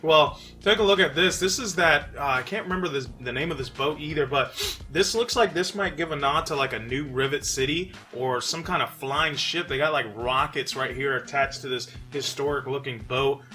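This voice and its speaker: A man from New York hosting a casual gaming commentary, relaxed and chatty with frequent fillers. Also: mid-range voice, normal speed, hardly any pauses. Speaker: channel host.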